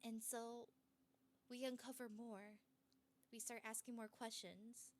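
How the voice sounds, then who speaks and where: A woman streamer retelling a story in a casual, animated way, with many fillers. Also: fairly high pitch, slow.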